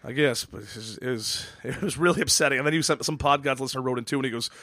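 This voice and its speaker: A man's voice: mid-range voice, quick pace, bright, forceful tone, no room sound, studio quality. A man hosting a casual podcast chat, rambling and swearing with many stammered restarts. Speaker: podcast host.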